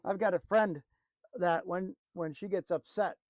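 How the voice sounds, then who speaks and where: A man giving an earnest motivational talk, repeating phrases and often dropping to a soft, hushed voice for emphasis. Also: high-pitched, fairly even intonation, measured pace, no echo, poor audio. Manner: earnest, repetitive, drops to a soft hush for emphasis. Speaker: motivational speaker.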